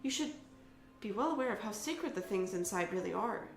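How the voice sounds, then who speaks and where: A woman's voice: medium pitch, animated, a little fast, reverberant, music in the background, lightly acted. A woman voicing a serious, dutiful young family heir who presses her point earnestly. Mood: pressing.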